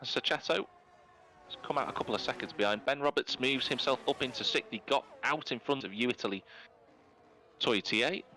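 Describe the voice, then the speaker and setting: Bright-voiced male race commentator. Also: mid-range voice, slight background noise, poor audio. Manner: brisk play-by-play, rising with incidents. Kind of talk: live esports race commentary.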